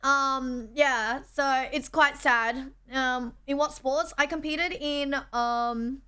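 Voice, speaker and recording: Speaking slowly with fairly even intonation, this young Australian woman chats casually on a livestream, reading and thanking her chat. Her voice is high, pushed and bright, and she's indoors on a borrowed streaming setup.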